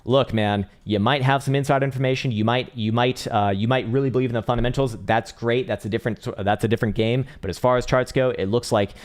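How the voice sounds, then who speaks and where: A man's voice: mid-range voice, fast talker, hardly any pauses. A young man hosting a live crypto trading stream, giving casual, profane chart analysis with frequent laughter. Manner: profane, animated, laughs often. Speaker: crypto trading livestream host.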